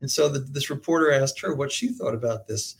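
Guesting on an interview show, a medical school professor tells stories in a lively, brisk manner, laughing frequently. His male voice sits in the mid range, husky, with animated intonation.

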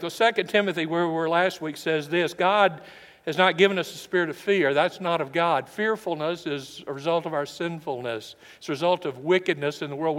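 Older pastor guy preaching, high voice, hushed asides then punchy bits, big echoey church. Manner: emphatic preacher, dropping to hushed asides and rising for stress. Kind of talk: sermon. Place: church sanctuary.

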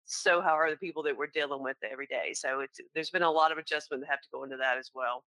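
A woman's voice: sits low, quick pace, pushed and bright, dry recording, low-quality recording. A woman in her forties from North Carolina with a Southern accent, telling stories in casual conversation about her work in claims. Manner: chatty, storytelling, laughs often. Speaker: insurance claims professional.

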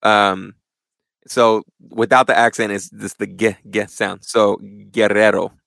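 A young man chatting casually as a guest in a church interview, animated and full of slang. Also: on the low side, unhurried, vocal fry, no room sound. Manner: animated, slangy, says "bro" a lot. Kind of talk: casual chat.

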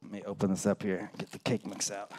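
A pastor, likely in his thirties or forties, preaching and telling a story, acting out voices and dropping low and quiet for serious points. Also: monotone, quick pace, slight background noise. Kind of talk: sermon with storytelling.

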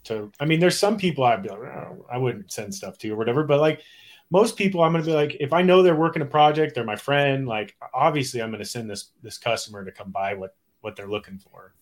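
A man's voice: medium pitch, fast. A man, a guest breeder, talking casually with frequent restarts and repeated words. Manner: easygoing, stumbles and repeats words. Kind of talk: casual chat.

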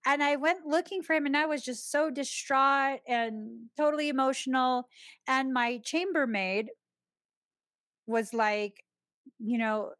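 Chatty woman, higher voice. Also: a little slow, dry recording. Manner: chatty and expressive, laughs often while telling a story. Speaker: podcast host. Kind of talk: casual personal storytelling.

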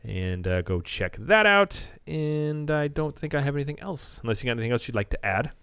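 A man's voice: mid-range voice, animated, fairly quick, vocal fry, a bit bright, smooth, no echo. Rambling joking male podcast co-host. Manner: rambling, joking, self-correcting. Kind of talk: casual podcast chat.

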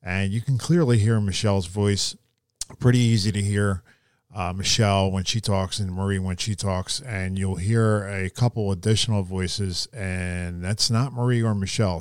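A man hosting a podcast, talking in a relaxed way with many fillers. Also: on the low side, no echo, studio quality. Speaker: podcast host. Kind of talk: casual podcast chat.

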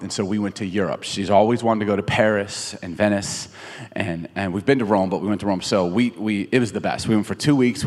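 A man in his thirties preaching a casual, joking sermon, retelling a story in everyday words. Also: lowish voice. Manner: conversational and animated, jokes with the audience. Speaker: pastor. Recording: reverberant hall from a distance.

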